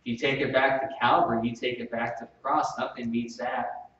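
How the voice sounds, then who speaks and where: A pastor preaching a sermon, swinging from soft, slow stretches to sudden loud bursts. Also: male voice, mid-range voice, level tone, slight background noise. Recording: echoey room, distant mic, dull sound.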